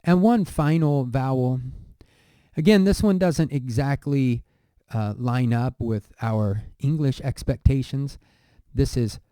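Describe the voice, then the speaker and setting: Slow dark-voiced man teaching. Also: mid-range voice, clean tone, no room sound, studio quality. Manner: slow, hesitant, with fillers and self-corrections. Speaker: language teacher. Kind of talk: lesson on pronunciation.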